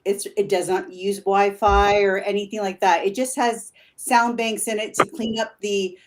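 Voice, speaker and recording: A woman paranormal investigator chats as a guest on a casual show. Her voice sits at an everyday middle pitch. She wanders through her points with many ums and restarts, and she laughs readily. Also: fairly even intonation. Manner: rambling, halting with many fillers; laughs easily. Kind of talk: casual interview chat.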